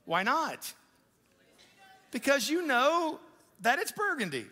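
A male pastor preaching a sermon in a conversational, animated way, with quick asides to the congregation. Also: very high voice. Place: church auditorium. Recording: live church hall with long reverb.

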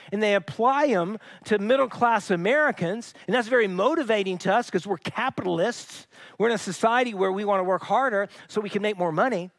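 A man's voice: high voice, fairly bright tone, dry recording. A man preaching a sermon as pastor, telling stories in a conversational way with frequent restarts. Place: church.

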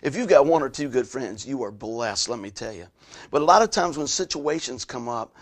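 A male pastor, preaching a conversational sermon with frequent asides to his listeners. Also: mid-range voice.

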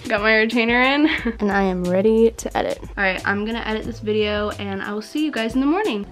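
A woman's voice: a little high, brisk. Giggly young woman vlogging in a roomy space. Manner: chatty, giggly, self-mocking. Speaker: beauty vlogger. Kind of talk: casual vlog chat. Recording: roomy echo with background music.

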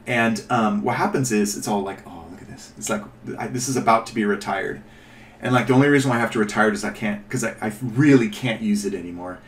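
A man with a lowish voice talks quickly through a relaxed show-and-tell about painting miniatures, thinking out loud, rambling and revising his words. It's recorded from a distance in an echoey room, with a little hiss or hum.

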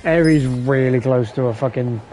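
A man's voice: unhurried, mellow, soft background music. Tired, swearing male game streamer. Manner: tired, swears often, low-key. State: sleepy, yawning. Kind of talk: casual gameplay commentary.

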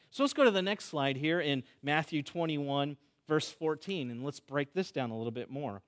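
A man preaching a sermon to his church as pastor, animated, swinging between loud calls and hushed, low lines, often repeating words as he restarts a phrase.

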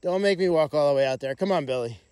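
Speaking fast in a smooth, slightly high voice, a middle-aged caretaker at an animal sanctuary chats with rescue pigs outdoors during a casual farm livestream. He calls their names loudly, and the audio has no room sound.

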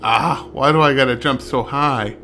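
A man's voice: mid-range voice, moderate pace, vocal fry, sharp tone, soft background music. A man giving wry, joking running commentary while playing a video game. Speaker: let's play gamer. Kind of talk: casual gameplay commentary.

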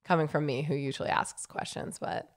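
A woman's voice: low voice, fairly even intonation, a little fast. Giggly rambling woman podcast co-host. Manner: giggly, rambling, swears casually. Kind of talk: casual chat.

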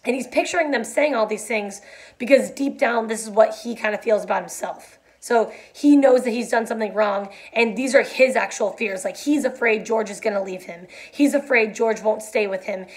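A woman's voice: on the high side, normal speed. A woman reading a novel aloud and explaining it casually, with many fillers.

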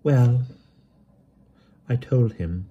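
A man's voice: mid-range voice, drawn-out words, dark tone, slightly rough, muffled recording, voice pushed up. A man voicing a shy, dreamy young woman who talks hesitantly and stammers. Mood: timid.

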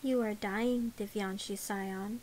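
A woman voicing a calm, pitiless male priest who speaks gravely and evenly, in a storybook reading. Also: medium pitch, a little hiss or hum, lightly acted, poor audio. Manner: grave, measured.

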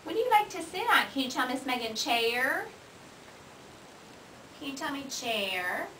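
Woman, speech therapist, sing-song coaxing voice, slow and clear for a child; echoey room, far camera, noisy home video. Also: high voice, sing-song, pushed and bright. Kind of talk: coaching a child to say words.

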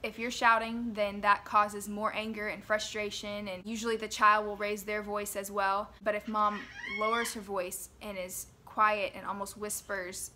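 A young woman, a mother, recalling family memories at home in a gentle, earnest and reflective way. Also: mid-range voice, background noise. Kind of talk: personal reminiscence to camera.

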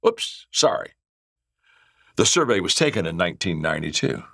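Animated male motivational speaker. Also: deep voice, normal speed, no echo, studio quality. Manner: animated storyteller, acting out characters' lines; frequent word repeats and restarts. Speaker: leadership speaker. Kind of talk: motivational talk with storytelling.

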